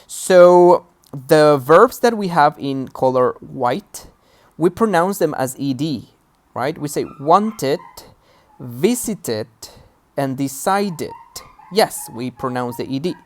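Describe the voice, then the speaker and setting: At a measured pace, a woman with a low-pitched, expressive voice teaches English grammar and pronunciation. The recorded lesson proceeds patiently step by step, with frequent check-ins with the learner.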